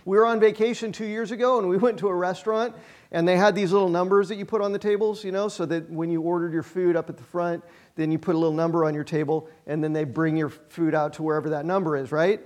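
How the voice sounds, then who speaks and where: High-voiced man preaching conversationally. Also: flat delivery, fast talker, a little mellow. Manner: conversational and self-deprecating, with emphatic repetitions. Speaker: pastor. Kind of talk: sermon.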